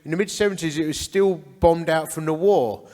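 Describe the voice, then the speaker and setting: In a church hall, a man in his forties from Essex, England, with an Essex English accent, shares his testimony at a church men's breakfast as the founder of a men's ministry. His voice is fairly high and fairly quick with a darkish tone and a long reverb tail. He tells his life story in an earnest, conversational storytelling style.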